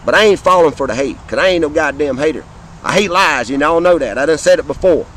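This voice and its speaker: A man's voice: on the high side, expressive, quick pace, a bit bright, slight background noise, low-quality recording. A man with a Southern American accent, delivering a fiery, profane rant straight to his viewers and repeating his points for emphasis. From Southern United States. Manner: fiery, profane, repetitive, addresses viewers directly. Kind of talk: impassioned political rant to camera.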